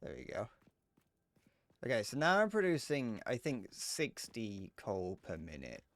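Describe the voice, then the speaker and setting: Lively young man streaming games. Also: fairly low pitch, unhurried, no room sound. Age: 20s. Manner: joking, swearing, chatting to viewers. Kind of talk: casual live gameplay chatter.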